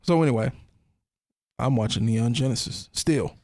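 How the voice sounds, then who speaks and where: A man's voice: mid-range voice, normal speed, darkish tone, no echo, clean studio sound. A man hosting a podcast in casual chat, laid-back and steering the talk. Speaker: podcast host.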